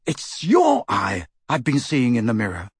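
An earnest, polite teenage wizard boy, speaking quietly with a slightly husky tone, as a man reads him. A storybook reading with a close, dry sound. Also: mid-range voice, wildly swooping pitch, measured pace, no room sound, full character voice. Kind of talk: audiobook character reading.

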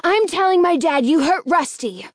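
A woman plays a tall, lanky teenage boy standing up to an adult. He shouts slowly and insistently, high and raised. The sound is dry and close. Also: animated, no echo. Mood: defiant.

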